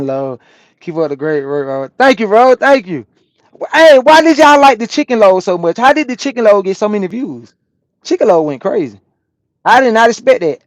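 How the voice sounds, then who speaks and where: A man's voice: high voice, dry recording. A man with a Southern US accent, a truck driver chatting casually with his livestream viewers and telling stories in slangy, swearing talk. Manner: animated storyteller, swears freely, slangy. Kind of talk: casual livestream chat, reading comments. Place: truck cab on a rest break.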